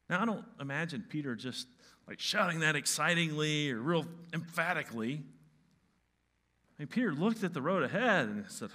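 A male pastor giving a sermon, moving from hushed, soft lines to loud, emphatic ones. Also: mid-range voice, lively intonation, moderate pace.

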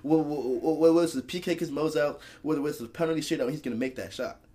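A man's voice: on the high side, fast talker. A young man, co-hosting a casual sports podcast, arguing animatedly and stumbling over his words. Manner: animated and argumentative, with many restarts. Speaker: podcast co-host.

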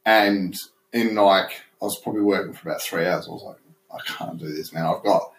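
A man's voice: deep voice, brisk. A young Australian man in casual chat, rambling through a story, swearing freely and laughing as he mimics others. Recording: roomy echo.

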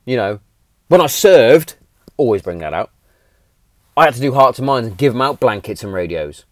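A man's voice: mid-range voice, very animated, fairly quick, no room sound, clean studio sound. A man, telling stories in a blunt, chatty way, often repeating himself and swearing. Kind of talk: casual storytelling monologue.

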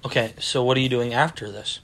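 A man's voice: mid-range voice, steady tone, fairly quick, fairly bright tone. A young man hosting a casual podcast chat, talking loosely with lots of "like" and frequent laughs. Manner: laughs often, uses "like" a lot. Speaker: podcast host.

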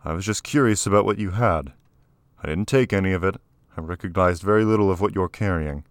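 A man reading aloud, voicing a gentle adult male doctor held as a prisoner. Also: deep voice, fairly quick, dry recording, studio quality, close to an everyday voice.

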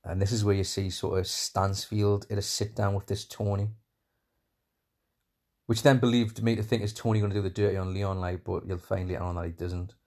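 A man's voice: low voice, steady tone, a little fast, a little mellow. A man casually retelling a film's plot scene by scene, rambling with many fillers and enthusiastic asides. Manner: enthusiastic, calls scenes "class". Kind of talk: casual film recap.

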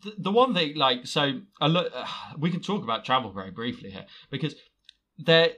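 A man's voice: on the high side, lively intonation, moderate pace, a bit bright. A man hosting a casual podcast chat, self-mocking and rambling with restarts. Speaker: podcast host.

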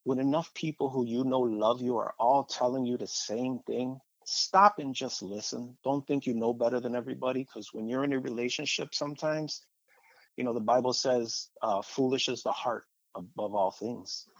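Husky guy telling his own story, acts out the quotes, kinda muffled dry sound. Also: medium pitch, moderate pace, no room sound. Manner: animated storyteller acting out quoted voices. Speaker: guest sharing a testimony. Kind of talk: personal storytelling.

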